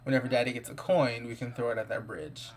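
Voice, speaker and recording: A man's voice: mid-range voice, steady tone, fast talker. A man giving casual, playful let's-play commentary, gossiping about his characters and improvising their lines. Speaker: gameplay commentator.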